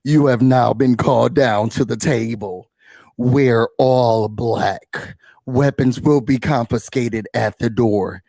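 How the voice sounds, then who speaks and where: Guy doing a low doom-voice lady reading out a dramatic summons, loud and grave. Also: vocal fry, dry recording. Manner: grave, theatrical, sinister announcement. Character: reality-TV woman issuing an ominous summons.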